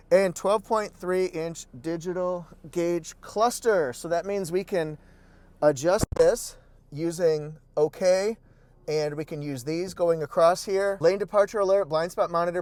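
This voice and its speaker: A man giving a casual, excitable walkaround review from inside a pickup truck cabin, exclaiming and repeating phrases playfully. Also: on the high side. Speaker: car reviewer.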